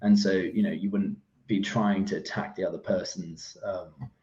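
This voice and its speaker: A man's voice: deep voice, steady tone, moderate pace, warm tone, roomy sound. A young man co-hosting a casual podcast chat, swearing freely and laughing as he acts out quoted lines. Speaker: podcast co-host. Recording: dull lo-fi recording.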